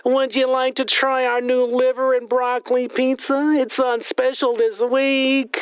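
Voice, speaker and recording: A woman's voice: sits high, level tone, a little slow, smooth, dry recording, muffled recording. A woman voicing a nervous new young pizza-shop clerk who is overly polite and rattles off long lists of options.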